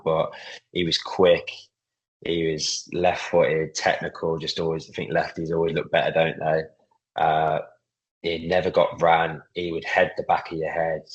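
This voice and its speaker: A man in his thirties, a footballer and club captain, chatting casually in a podcast interview, relaxed, with lots of fillers. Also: very deep voice, husky, lo-fi sound. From England.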